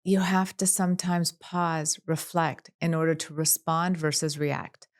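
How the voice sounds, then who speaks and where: A woman clinical psychologist speaking as a podcast guest, calm and measured, running through long lists of examples. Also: low voice. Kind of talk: podcast interview.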